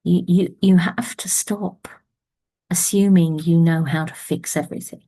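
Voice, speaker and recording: Slow, intimate woman storyteller. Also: on the low side, steady tone, warm tone. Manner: slow and intimate, dipping to whispers. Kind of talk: oral storytelling.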